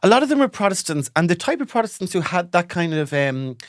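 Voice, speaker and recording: A man's voice: sits high, big pitch swings, fast talker, dry recording, clean studio sound. A Dublin man co-hosting a podcast, telling stories with swearing and mocking impressions. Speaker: podcast co-host. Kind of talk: casual comedic chat.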